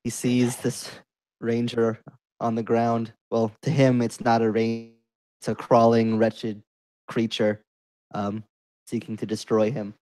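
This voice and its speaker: A man playing a tabletop game, calmly calling out rolls and damage. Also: medium pitch, unhurried. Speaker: player. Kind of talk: tabletop play and dice calls.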